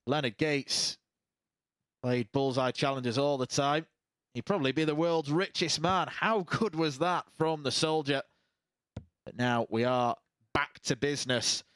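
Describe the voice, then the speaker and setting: Measured man presenting darts. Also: fairly high pitch, fairly bright tone, no echo. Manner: measured, setting up the match. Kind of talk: sports presenting.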